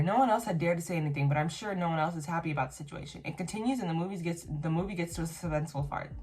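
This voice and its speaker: A YouTuber with a lowish, darkish-toned voice reads online posts aloud and reacts to them in casual, blunt commentary full of swearing. She talks fast with hardly any pauses, laughing and reacting between the lines she reads.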